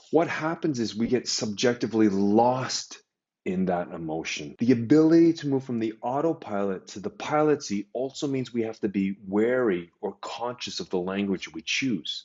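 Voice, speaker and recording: A man giving a motivational talk to professionals in an emphatic, animated way, stressing key phrases. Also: mid-range voice, lo-fi sound.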